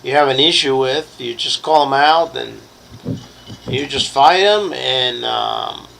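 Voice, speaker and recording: A slow-talking man runs a tabletop horror game, his voice gravelly and mid-pitched. He stops often to search for words and fills the gaps with ums and uhs. A faint hiss sits behind him. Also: a bit bright, rough recording. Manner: halting, searching for words with many fillers. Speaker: game master.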